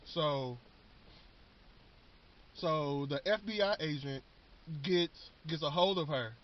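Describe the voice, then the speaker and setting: A man's voice: on the high side, slow. A man casually recapping a TV show in a rambling, slangy way, often repeating words. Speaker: vlogger. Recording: dull lo-fi recording.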